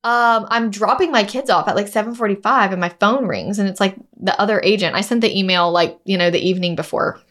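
A woman in her thirties, a real estate agent co-hosting a podcast, telling a story in lively casual chat and acting out both sides of a phone call. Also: mid-range voice, fast, hardly any pauses. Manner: animated, acts out both sides of phone calls.

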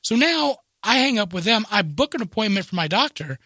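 Middle-aged man, bright and forceful tone, dry close sound, self-mocking storyteller. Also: sits high, brisk, dry recording. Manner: animated, self-mocking, voices others in quotes. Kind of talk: casual storytelling.

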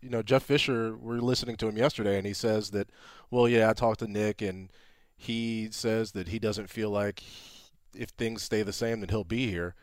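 A man on a sports talk panel with wry, deadpan humor. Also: on the low side, normal speed, no room sound, clean studio sound. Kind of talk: casual sports chat.

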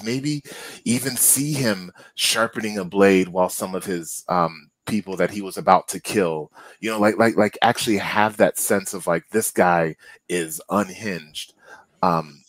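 A man co-hosting a casual movie review podcast, rambling with many fillers and restarts, and getting animated when he is annoyed. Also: low-pitched, no echo. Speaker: podcast co-host.

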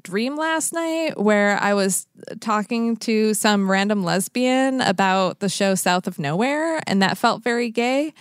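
A woman co-hosting a podcast, chatting casually with quick, warm reactions. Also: mid-range voice, expressive, smooth, no room sound, clean studio sound. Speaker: podcast co-host. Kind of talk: casual chat.

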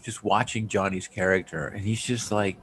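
A man in casual chat, animated and quoting characters in mock voices. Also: lowish voice, moderate pace.

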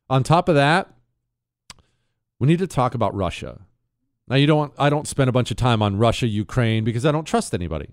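A man hosting a talk show, talking in a brash, animated and sarcastic way, mixing an ad read with political talk. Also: medium pitch, clear, resonant tone, no room sound, studio quality.

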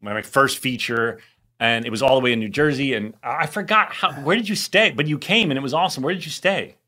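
A man hosting a casual podcast chat, eager and jokey, firing off quick questions. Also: medium pitch, bright, forceful tone. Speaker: podcast host.

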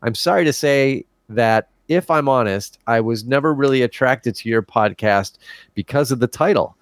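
A man's voice: medium pitch, moderate pace, no echo. A man co-hosting a casual podcast, reading a listener's email aloud with stumbles and self-deprecating laughs. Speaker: podcast co-host.

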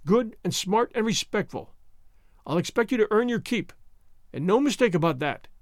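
A man's voice: high voice, expressive, moderate pace, dry recording, studio quality. A man voicing a stingy, ill-tempered farm wife who speaks curtly and makes demands, in a storybook reading. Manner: curt and demanding.

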